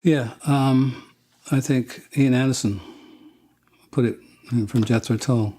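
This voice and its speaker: Dark, husky man telling rambling stories. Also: mid-range voice, steady tone, unhurried. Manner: rambling, with many restarts and acted-out quotes. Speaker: interviewee. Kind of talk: casual anecdotal storytelling.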